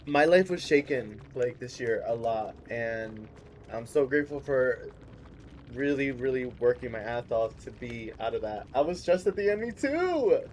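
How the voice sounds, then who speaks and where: A man's voice: mid-range voice, lively intonation, measured pace, darkish tone, slight background noise. A man streaming a game from home, chatting casually with viewers and cheering and laughing often. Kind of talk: casual gaming livestream chat.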